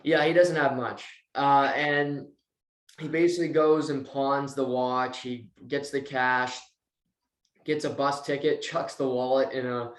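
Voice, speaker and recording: A man's voice: medium pitch, measured pace. A man casually recapping a TV episode as co-host, acting out the characters' lines as he tells it. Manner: animated retelling, acts out quotes. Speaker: podcast co-host. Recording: roomy echo.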